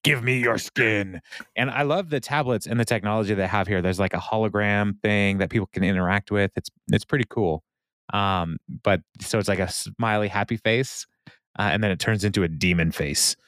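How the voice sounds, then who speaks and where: A man's voice: on the low side, fairly even intonation, brisk, a bit bright, no echo, clean studio sound. A man co-hosting a podcast, recapping a TV episode in loose, rambling casual chat full of fillers and laughs.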